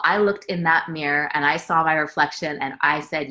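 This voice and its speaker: A woman with a fairly low voice leads a live motivational session as a coach. She talks earnestly and circles back to repeat key phrases for emphasis, greeting viewers by name as she goes. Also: steady tone, moderate pace, sharp tone. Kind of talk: motivational live talk with a personal story.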